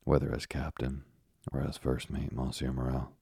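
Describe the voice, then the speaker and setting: A man's voice: extremely low pitch, completely flat delivery, normal speed, creaky, mellow, husky, dry recording, studio quality, full character voice. A man voicing an earnest, polite young sailor with a formal, respectful manner.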